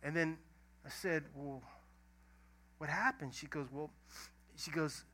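A middle-aged pastor, preaching a sermon in a folksy storytelling way that swings from loud emphasis to a hushed near-whisper. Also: male voice, on the high side, slow pace, long pauses.

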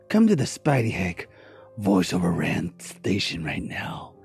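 A man with a gravelly, raspy voice laughs and shouts hype in a slow, swinging delivery, with faint music underneath. He sounds rowdy and amused. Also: sits low, huge pitch swings.

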